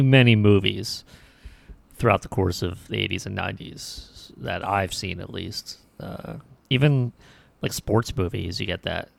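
Low gravelly man in casual chat. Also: no room sound. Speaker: podcast co-host. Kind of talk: casual movie review chat.

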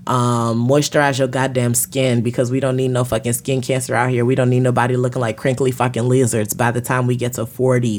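A woman hosting a podcast, ranting bluntly with plenty of profanity. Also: extremely low pitch. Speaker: podcast host. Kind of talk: profane comedic rant.

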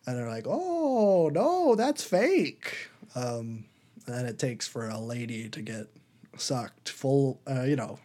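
A young man rambles through a casual movie chat on a podcast, full of ums and likes. He keeps slipping into a high mocking voice to act out lines. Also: little pitch movement, a little slow, darkish tone. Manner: rambling, lots of fillers, acts out silly quotes in a high voice. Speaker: podcast co-host.

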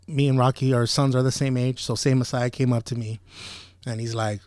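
A man's voice: mid-range voice, little pitch movement, fairly quick, darkish tone, no room sound, clean studio sound. A man co-hosting a casual podcast, talking bluntly and heatedly with heavy swearing. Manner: blunt, heavily profane, heated. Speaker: podcast co-host.

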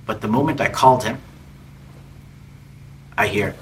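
A man giving a sermon through personal stories, conversational and dropping often to soft, hushed tones. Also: on the low side, a little slow, long pauses, far from the mic, a little hiss or hum, low-quality recording. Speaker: preacher. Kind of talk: storytelling sermon.

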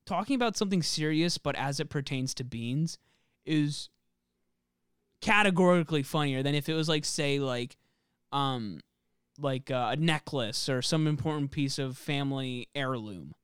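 A man's voice: medium pitch, normal speed, a bit bright, clean tone, no echo, clean studio sound. A young man co-hosting a podcast, chatting casually and joking, swearing freely with lots of fillers. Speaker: podcast co-host. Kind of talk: casual chat.

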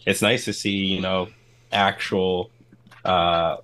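A man's voice: low-pitched, level tone, takes it slowly, fairly bright tone. A young man, co-hosting a casual podcast in a laid-back, easygoing, rambling way.

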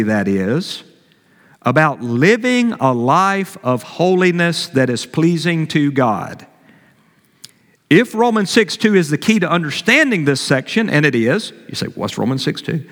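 A man with a high voice preaches from the pulpit, hammering key phrases and repeating them. His voice rings out in a church hall with a long reverb tail. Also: a bit bright. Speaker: pastor. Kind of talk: sermon.

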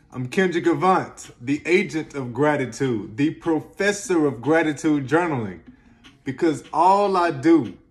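A man talks straight to his viewers in a slangy, emphatic motivational style. His voice sits in a middle pitch and swings from loud pushes to soft murmurs. Faint music plays underneath. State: close to tears at times. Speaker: self-help video host. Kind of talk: motivational casual talk to camera.

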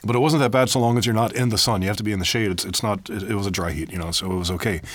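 An American man co-hosting a podcast, telling ironic jokes with a deadpan delivery in a studio. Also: fairly low pitch, very fast, no echo. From United States. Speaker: podcast co-host. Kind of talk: joking casual chat. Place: recording studio.

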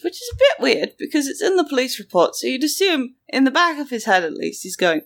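Animated woman telling a story. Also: sits high, fairly quick. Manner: animated, sarcastic, acts out quotes. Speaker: podcast host telling a story. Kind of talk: casual storytelling chat.

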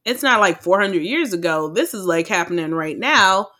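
A woman co-hosts a podcast and recaps a film in loose, profane chat, acting out her own reactions along the way. Her voice is bright and clear, at a middle pitch. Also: expressive, normal speed. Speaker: podcast co-host. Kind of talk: casual movie recap chat.

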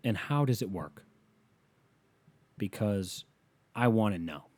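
A man's voice: lowish voice, expressive, takes it slowly, a little mellow. A man hosting a solo podcast, ranting in a rambling, profane way, with a slight lisp on his s sounds. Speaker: podcast host.

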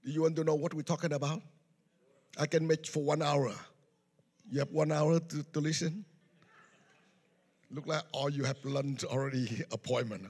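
A man's voice: a little high, steady tone, normal speed, long pauses, a little mellow, slightly rough. A man preaching a testimony in simple, non-native English, recorded with echo in a church hall. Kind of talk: sermon testimony storytelling.

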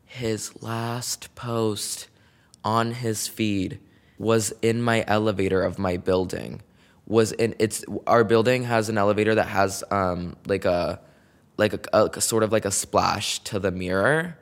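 Casting note: male podcast host, low and gravelly, gossipy solo storyteller full of slang. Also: steady tone, a little slow. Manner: chatty and dramatic, heavy use of "like" and slang.

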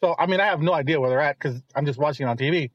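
A middle-aged man, the host's father, telling long rambling stories in casual chat and turning animated when he quotes others. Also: on the high side, rapid-fire, dry recording, lo-fi sound.

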